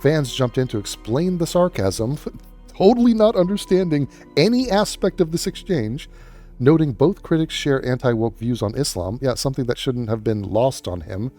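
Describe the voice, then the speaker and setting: A man's voice: medium pitch, animated, moderate pace, dark tone, faint music behind. A man giving profane reaction commentary in a sarcastic, scornful tone. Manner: sarcastic, scornful, swears a lot. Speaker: commentary YouTuber.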